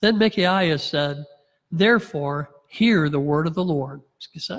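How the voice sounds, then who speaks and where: A man's voice: on the high side, unhurried, gravelly, in a large hall. Pastor preaching with wry humor, man. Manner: reads scripture aloud, plays characters' lines with wry sarcasm and chuckles. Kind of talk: sermon.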